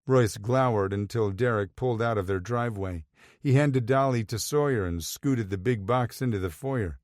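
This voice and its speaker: This is scripted narration of a romance story by a male audiobook narrator with a lowish voice. He reads evenly and deliberately, captured in a dry recording with clean studio sound.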